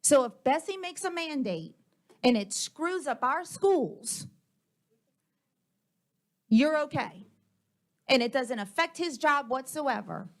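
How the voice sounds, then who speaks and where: A woman's voice: high-pitched, expressive, takes it slowly, long pauses. A woman, a school board member speaking heatedly and confrontationally at a public board meeting into a table microphone.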